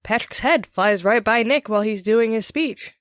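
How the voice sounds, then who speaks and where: A woman's voice: fairly high pitch, dry recording, studio quality. Blunt, profane female podcast co-host. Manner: blunt, profane, quick asides. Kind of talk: casual book-discussion chat.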